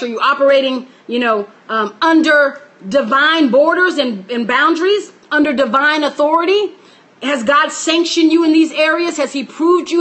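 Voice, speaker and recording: Female preacher, high-pitched, emphatic teaching sermon. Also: fairly bright tone. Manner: emphatic, repetitive, greets listeners by name. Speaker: minister teaching a class.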